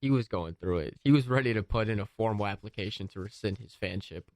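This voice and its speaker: A man's voice: fairly low pitch, quick pace. A young man co-hosting a radio sports show, joking around and slipping into silly voices. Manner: animated joker who slips into silly voices. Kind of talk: casual sports banter. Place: radio studio.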